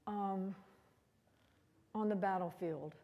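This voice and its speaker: A woman speaks to an audience in a museum room, her voice gravelly and mellow. She talks conversationally, wandering into asides. A long reverb trails each phrase. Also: medium pitch, slow pace, soft background music. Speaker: guest speaker. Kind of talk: public history talk.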